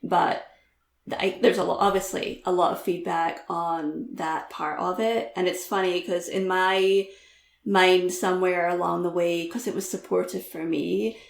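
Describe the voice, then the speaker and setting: A woman's voice: fairly low pitch, fairly even intonation, unhurried, gravelly, echoey room. A woman guest author talking candidly in a podcast interview, laughing easily, with lots of "like" and "um".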